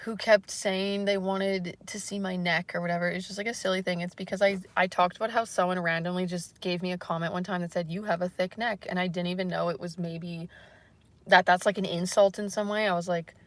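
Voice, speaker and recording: Female streamer, casual chat to viewers, soft and apologetic, hesitant with lots of fillers. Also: fairly low pitch, fairly even intonation, fairly quick, dry recording. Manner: hesitant, rambling, many fillers. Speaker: livestreamer.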